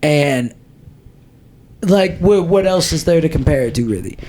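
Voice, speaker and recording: A man's voice: a little high, animated, measured pace, a little mellow. A young man co-hosting a podcast, talking bluntly and jokingly, swearing often. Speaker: podcast co-host. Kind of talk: casual chat.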